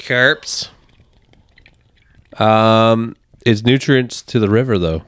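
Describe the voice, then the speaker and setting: A man telling relaxed, joking fishing stories in a casual chat. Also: fairly low pitch, moderate pace, dry recording, studio quality.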